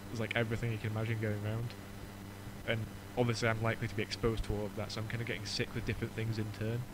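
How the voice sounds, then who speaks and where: A man's voice: lowish voice, completely flat delivery, very fast, noisy background. A young man with a Yorkshire accent chatting casually on a podcast, slightly ill, rambling with fillers and restarts. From Yorkshire, England. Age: young adult. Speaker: podcast co-host. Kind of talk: casual chat.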